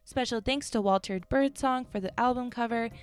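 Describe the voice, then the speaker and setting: A woman's voice: a little high, normal speed, clean tone. A woman from the Chicago suburbs, co-hosting a podcast and chatting casually, telling stories with lots of fillers. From Chicago suburbs, USA. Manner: chatty, storytelling with many fillers and laughs. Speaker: podcast co-host. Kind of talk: casual chat.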